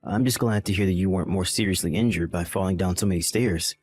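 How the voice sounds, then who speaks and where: A man's voice: low-pitched, fast, darkish tone, faint music behind. A man playing a dismissive, callous young husband in a voiced text-message drama, irritated and condescending.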